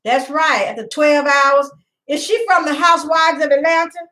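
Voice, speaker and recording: A middle-aged woman hosts a casual home stream in a high, bright, forceful voice at normal speed, rambling, greeting viewers by name, and laughing a lot. The audio quality is poor.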